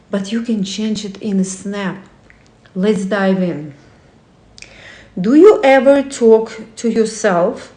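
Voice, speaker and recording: A woman talks through a book at an unhurried pace, stopping often to put reflective questions to the listener. Her English has a non-native phrasing, and she corrects herself mid-sentence. Her tone is soft and mellow, and the room gives it a noticeable echo. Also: medium pitch. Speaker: host. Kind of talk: casual talk reading from a book. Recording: roomy echo.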